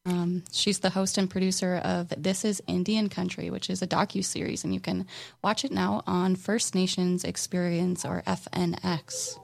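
A woman's voice: lowish voice, level tone, normal speed, creaky. A woman co-hosting a community radio show, chatting casually and reading event announcements with many fillers. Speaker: radio co-host.

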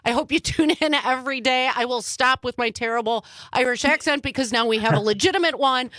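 Host: upbeat woman, a touch high, very dry close mic. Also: brisk, a bit bright, no echo. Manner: bubbly, enthusiastic. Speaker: radio host. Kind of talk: casual radio interview.

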